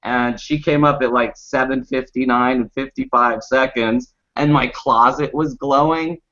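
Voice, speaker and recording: A man on a discussion panel telling a funny personal story in a casual, animated way with lots of laughing, on a muffled recording. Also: mid-range voice, measured pace. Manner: animated, laughing anecdote with acted quotes. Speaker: panel guest.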